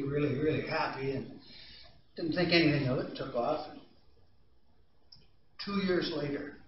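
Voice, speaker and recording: A man's voice: a little high, background noise. A man giving an anger-management training talk to a group, explaining ideas in a conversational way and telling stories with asides to the audience. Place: training room. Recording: distant echoey room mic, slightly dull.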